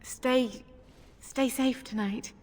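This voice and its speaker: A woman's voice: fairly high pitch, fairly even intonation, extremely slow, a little mellow. An actress playing a frightened village woman in a video game, shy and hesitant, with reverberant game audio. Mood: anxious.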